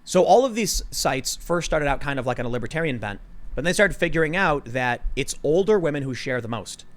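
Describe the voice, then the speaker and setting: A man's voice: a little high, animated, brisk. Emphatic man hosting a political podcast. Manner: emphatic, argumentative. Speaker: podcast host. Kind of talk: casual political chat.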